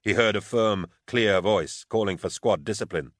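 A man reads an audiobook in a steady, even storytelling manner. His voice sits low and is recorded on a close, dry studio mic. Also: moderate pace, no echo. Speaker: audiobook narrator. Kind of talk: scripted audiobook narration.

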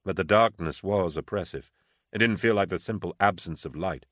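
A man reading a tense military novel aloud in a measured, low-key audiobook narration. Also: no echo, clean studio sound.

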